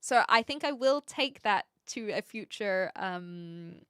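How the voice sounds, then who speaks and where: A woman's voice: mid-range voice, lively intonation, slow pace, fairly bright tone, smooth, dry recording, clean studio sound. A woman live streamer chatting casually with her viewers, thinking aloud and laughing often. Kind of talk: casual live-stream chat, reading chat messages.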